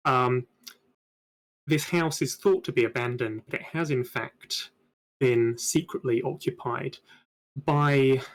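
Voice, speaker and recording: A man's voice: mid-range voice, poor audio. A man narrating a tabletop game as game master, with descriptive scene-setting and a few hesitant fillers.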